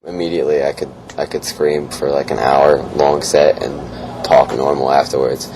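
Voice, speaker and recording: A man with a very deep voice tells his story casually, as a metal singer would. Clear background noise runs under the interview. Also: little pitch movement, moderate pace. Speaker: metal vocalist. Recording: noisy interview.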